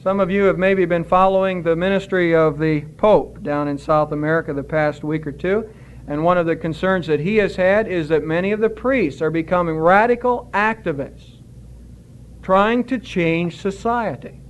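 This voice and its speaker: High-voiced man preaching a sermon. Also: smooth. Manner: measured preaching, stresses key words, quotes scripture. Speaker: pastor.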